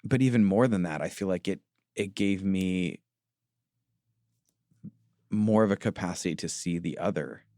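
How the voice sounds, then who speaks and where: A man in his thirties co-hosting a podcast, talking earnestly and confessionally, often pausing to search for words. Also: deep voice, dark tone, no echo, clean studio sound. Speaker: podcast co-host. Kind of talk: reflective podcast conversation.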